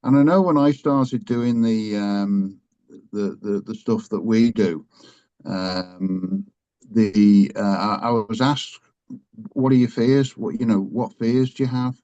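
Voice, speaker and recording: A man, a guest in a frank conversation, talking haltingly with many fillers and restarts, laughing easily and swearing now and then. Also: lowish voice, fairly even intonation, dark tone. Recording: slightly dull lo-fi sound.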